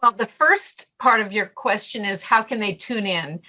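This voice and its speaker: A middle-aged woman speaking as a podcast guest on stress management, telling stories in an animated way and acting out her own inner voice. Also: mid-range voice, normal speed. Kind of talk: casual interview talk.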